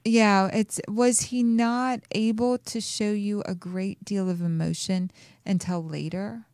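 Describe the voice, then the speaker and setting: A woman hosting a radio show, giving a caller a slow, soothing reading with many pauses and fillers. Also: mid-range voice, fairly even intonation, a little mellow, no echo. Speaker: radio show host and intuitive reader.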